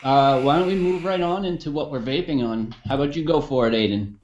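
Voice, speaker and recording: An American man co-hosting a casual live stream, reading out friendly, upbeat shout-outs to viewers. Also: mid-range voice, a little fast, echoey room. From United States. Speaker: co-host.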